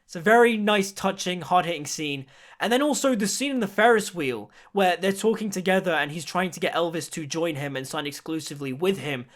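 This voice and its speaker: A man's voice: high-pitched, a little fast. A man giving a chatty, enthusiastic film review in a casual video.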